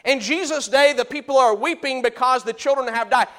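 High-voiced emphatic male preacher. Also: brisk. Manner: emphatic, swings from loud high bursts to low quiet asides. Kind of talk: sermon.

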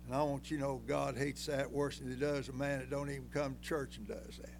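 Folksy older preacher with a gravelly voice. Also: male voice, fairly even intonation, a little fast, background noise. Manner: folksy, emphatic, rising to shouts then dropping low. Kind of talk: sermon.

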